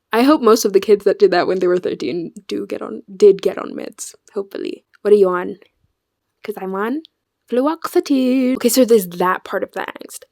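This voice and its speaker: A young woman talks straight to camera in a loose, chatty vlog style. Her delivery is animated and dramatic, and she often stumbles and restarts her sentences. Her voice sits in a middle pitch and sounds dry and close. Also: dry recording. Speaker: vlogger. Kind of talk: casual chat.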